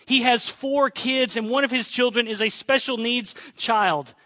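A pastor with an extremely high-pitched voice preaches a sermon to his church, speaking a little slowly with no room sound. He tells a story earnestly, quotes a friend's words, and moves between excited and hushed.

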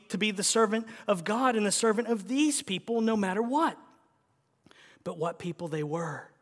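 A man preaching a sermon, swinging between loud emphasis and hushed near-whispers, acting out quotes in voices. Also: high-pitched, big-room sound. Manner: acts out biblical quotes in voices.

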